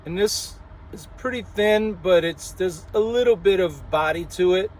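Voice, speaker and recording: A truck driver from New Orleans with a New Orleans accent, chatting casually to camera in a vlog and laughing often. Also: male voice, high voice, measured pace, a little hiss or hum. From New Orleans, Louisiana.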